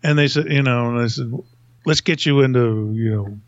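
A podcast host rambles through a long, casual story, chuckling often as he goes. His voice is medium in pitch and his pace is moderate. The recording is dry, with a dull lo-fi quality.

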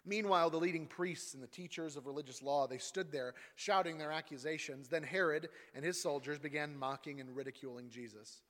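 A man's voice: fairly high pitch, brisk, hardly any pauses, long reverb tail. A man giving a dramatic liturgical reading of scripture in church, acting out the voices in the passage. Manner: acts out the voices in the passage, rising loud for the crowd. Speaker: scripture reader.

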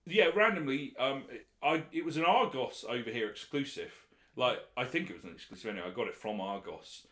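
British podcast host, bouncy up-and-down voice, laughs a lot, echoey room. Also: male voice, medium pitch, a little fast. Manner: lively, laughing, wrapping up. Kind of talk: casual chat.

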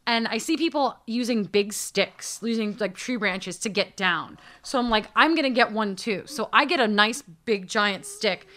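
A young American woman telling a story in casual chat, animated and acting out the quotes. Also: medium pitch, measured pace, few pauses. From United States. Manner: animated, acts out quotes, frequent restarts.

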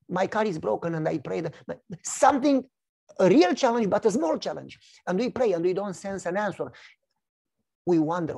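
Animated gravelly male preacher. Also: high voice. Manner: animated storytelling, acts out voices. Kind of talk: sermon with personal testimony.

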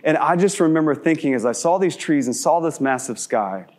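A male pastor preaching in a relaxed, conversational style with a slightly higher voice than most men. He fires rhetorical questions at his listeners and slows right down to a quiet hush when he wants a point to land. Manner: shifts between quick asides and slow, hushed emphasis. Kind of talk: sermon.

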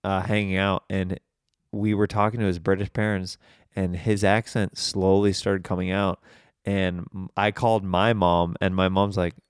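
Smooth, low-voiced man telling stories. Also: flat delivery, moderate pace, no room sound, studio quality. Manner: rambling storyteller, laughs easily. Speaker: podcast co-host. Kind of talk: casual comedic chat.

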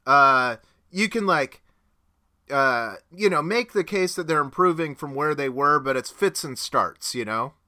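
A man's voice: fairly high pitch, lively intonation, a little slow, bright, forceful tone. A man hosting a casual sports podcast, chatty and joking, laughing often between points. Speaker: podcast co-host. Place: home podcast studio.

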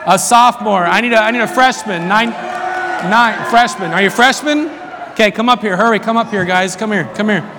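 Brief: high-pitched male chapel speaker, joking with a student crowd, long hall echo, crowd murmur. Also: moderate pace. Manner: playful, jokey, calls out to the crowd. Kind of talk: lively sermon intro with audience game. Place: large hall with student audience. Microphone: handheld mic. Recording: reverberant hall, crowd and noise.

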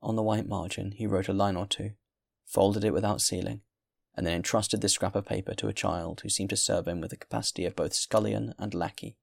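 Deep-voiced man reading a novel aloud. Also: vocal fry. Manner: steady, measured narration. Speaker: audiobook reader.

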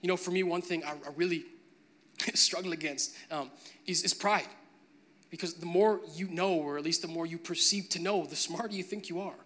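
A man's voice: a little high, normal speed, fairly bright tone. A man preaching a sermon, moving from a conversational tone to emphatic, building preaching. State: briefly choked up with emotion.

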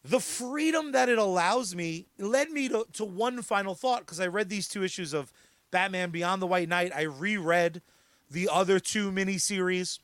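A man co-hosting a podcast, talking with excitable enthusiasm and casual swearing. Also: sits high, moderate pace, no echo. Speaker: podcast co-host.

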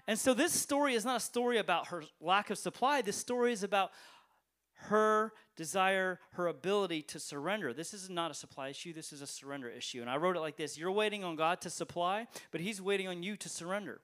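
A man pastor preaching a sermon to a church congregation, conversational, asking rhetorical questions, swinging between loud emphatic lines and quiet ones. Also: high-pitched, fairly quick. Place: church service, streamed online.

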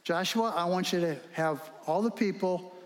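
Brief: God as a plain-spoken male boss handing out a plan, as a high-voiced preacher puts him on, long hall reverb. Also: moderate pace, natural voice. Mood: instructing. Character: calm commanding God giving orders, male.

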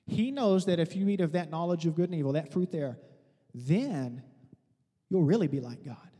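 A man voicing a sly, wheedling male devil who tempts in a hushed, drawn-out voice, heard within a sermon. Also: a little high, expressive, husky, long reverb tail. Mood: scheming.

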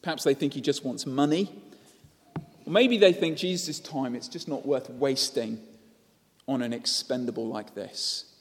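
A man's voice: mid-range voice, measured pace, long reverb tail. A man preaching a sermon, telling the story and asking rhetorical questions.

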